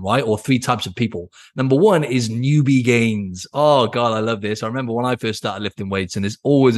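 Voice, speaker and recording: Upbeat British man hosting a podcast. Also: mid-range voice. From Britain. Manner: upbeat and chatty, keeps adding "right?". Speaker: podcast host and fitness coach. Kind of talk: solo podcast talk.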